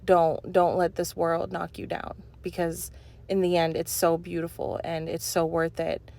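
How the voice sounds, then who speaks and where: A woman's voice: fairly low pitch, monotone, unhurried, vocal fry, dark tone. A young woman talking over her cleaning vlog in an earnest, rambling way, full of "you know" fillers. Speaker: cleaning vlogger. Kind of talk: heartfelt voice-over chat.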